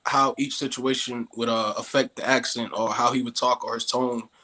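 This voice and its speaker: A man's voice: medium pitch, level tone, normal speed, pushed and bright. A man with an African American accent, a guest actor talking in a humble, grateful way, stumbling and restarting often. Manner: humble and grateful, with many restarts and "you know what I mean". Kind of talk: casual interview talk.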